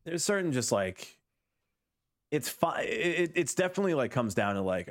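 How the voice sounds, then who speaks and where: Low-voiced guy co-hosting a podcast, rambly and wry, lots of likes and ums. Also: normal speed. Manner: rambling, filler-heavy, wry. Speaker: podcast co-host. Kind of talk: casual chat.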